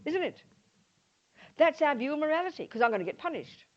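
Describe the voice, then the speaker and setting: An older woman with an Australian accent, a Buddhist nun giving a lively dharma talk to a live audience and acting out the voices she quotes. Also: high voice, a little fast. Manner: animated, acts out quoted voices. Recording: muffled lo-fi talk recording.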